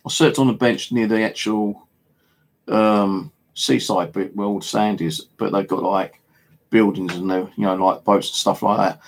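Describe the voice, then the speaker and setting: Man, English accent, husky gravelly voice, rambling casual monologue, fillers, swearing. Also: on the low side, fairly even intonation, normal speed. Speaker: paranormal vlogger. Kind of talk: casual storytelling. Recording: home video monologue.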